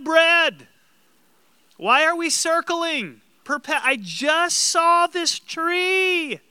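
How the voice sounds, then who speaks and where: A man voicing a grumbling Israelite wanderer who whines loudly and shrilly at God. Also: dry recording, clean studio sound, heavily acted. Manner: whining, exasperated, shrill complaining.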